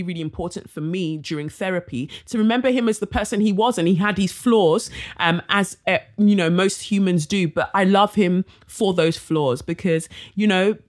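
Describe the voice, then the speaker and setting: A young woman from Nigeria hosting a casual solo podcast, chatty and warm, full of slang and fillers. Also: lowish voice. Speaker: podcast host.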